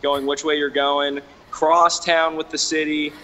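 A man from New York answering interview questions casually, with hesitant speech and many filler pauses. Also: fairly high pitch, flat delivery, pushed and bright, big-room sound, poor audio. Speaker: interview guest.

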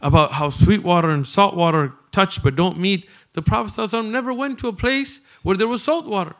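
A man giving an animated religious lecture to a live audience, talking conversationally and turning to the listeners with asides. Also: high-pitched, fast talker. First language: not Arabic. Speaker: Islamic preacher.

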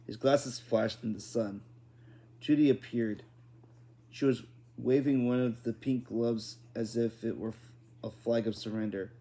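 A man's voice: mid-range voice, fairly even intonation, a little slow, dark tone. A man reading a children's book aloud in an unpolished style, often restarting and correcting words. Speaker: reader.

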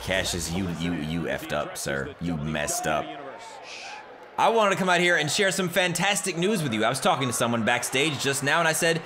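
A man's voice: mid-range voice, sing-song, fairly quick, noisy background. A young man commenting on a wrestling game, reading promos aloud with mocking trash talk. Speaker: gaming YouTuber. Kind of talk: let's play commentary.

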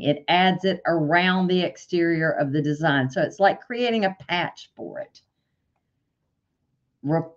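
A woman walking through embroidery software step by step in a tutorial, stopping now and then to correct herself. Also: on the low side. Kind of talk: screen-share software tutorial. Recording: dull lo-fi sound.

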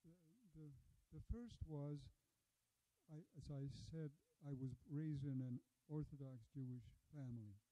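Man in his 80s, guest speaker at a school, slightly raised pitch, reflective, restarts sentences, dull lo-fi sound. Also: mellow. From Hungary. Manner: measured, reflective storytelling with frequent restarts. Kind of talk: lecture and Q&A. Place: school lecture room. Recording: dull lo-fi recording.

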